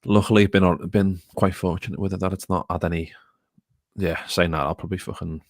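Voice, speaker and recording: Deep gravelly guy rambling through viewer comments on a footy podcast, dry close sound. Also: steady tone, a little fast, no room sound. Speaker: podcast co-host. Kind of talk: casual football chat.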